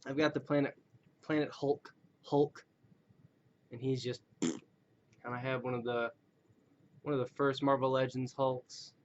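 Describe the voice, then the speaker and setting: A man's voice: medium pitch, flat delivery, measured pace, long pauses, a little hiss or hum. Rambling man on a lo-fi webcam. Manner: rambling and self-deprecating, slipping into joke voices. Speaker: action figure collector reviewing toys. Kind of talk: casual rambling webcam vlog. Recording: dull lo-fi recording.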